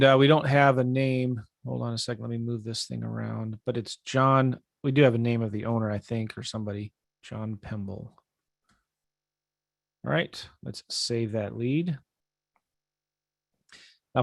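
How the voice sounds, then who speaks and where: A man coaching on a live webinar, casual and upbeat as he walks viewers through his screen. His voice sits in an ordinary middle pitch. The sound is dry and close, with no room echo. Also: normal speed, creaky. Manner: casual, energetic, talks straight to viewers. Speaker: real estate investing coach.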